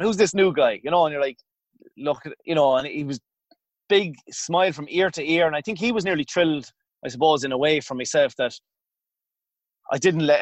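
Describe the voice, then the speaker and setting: A man's voice: on the high side, no room sound. A man with an Irish accent, a former goalkeeper, telling long anecdotes in a casual interview with many restarts. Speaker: former hurling goalkeeper guest.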